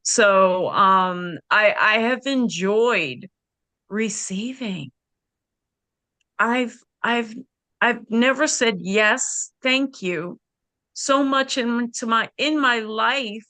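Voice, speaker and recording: Bright, slow-talking woman coach. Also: a little high, no room sound. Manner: candid, conversational, frequent "you know" and "like". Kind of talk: personal sharing in a women's support circle.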